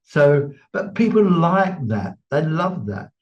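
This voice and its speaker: An older English man telling stories in a relaxed interview, chatty and quick to laugh, his quoted voices full of life. The sound is a little dull and muffled. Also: fairly high pitch. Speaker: medium, interview guest. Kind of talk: casual anecdotal interview talk.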